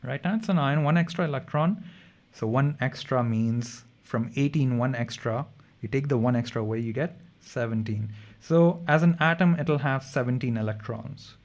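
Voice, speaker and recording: Young man, chemistry tutor, casual revision lesson, thinks aloud, corrects himself, middle-pitched voice. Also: normal speed.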